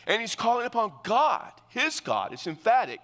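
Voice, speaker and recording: A man's voice: very high voice, wildly swooping pitch, normal speed, a bit bright, big-room sound. A male pastor preaching verse by verse in an earnest, explanatory way, often restarting his phrases. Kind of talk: verse-by-verse sermon.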